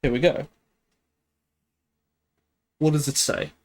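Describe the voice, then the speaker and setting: A man's voice: fairly high pitch, steady tone, slow, creaky. A man thinking aloud at a leisurely pace while working through a language exercise on a live stream, hesitant and checking himself as he goes. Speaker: streamer studying Greek.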